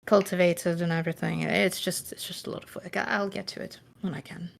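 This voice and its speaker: Woman doing a weary gravelly farm woman. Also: on the low side, steady tone, a little fast, a little hiss or hum. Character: weary injured middle-aged farm woman.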